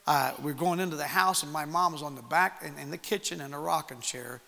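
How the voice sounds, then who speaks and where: A man preaching, telling a personal story to young people in an animated way and acting out the voices in it. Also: a little high, fairly quick, vocal fry. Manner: animated storytelling with acted-out quotes. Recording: long hall reverb.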